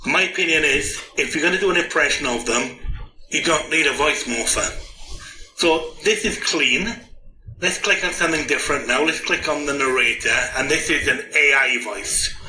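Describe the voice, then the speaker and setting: A man chatting his way through a conference talk and live software demo, joking and self-deprecating. His voice is slightly high and bright, with a forceful edge. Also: moderate pace, a little hiss or hum. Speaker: conference speaker. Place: conference hall.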